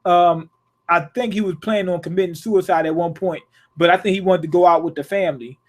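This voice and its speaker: Male reviewer, high-pitched, profane, blunt off-the-cuff episode breakdown. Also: a little fast. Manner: profane, blunt, riffing with rhetorical questions. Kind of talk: casual rant-style recap.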